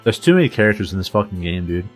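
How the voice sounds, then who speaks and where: A man's voice: fairly low pitch, sing-song, very fast, faint music behind. A man streaming a story game, making crude, joking asides between lines as he reads. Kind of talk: casual gameplay commentary.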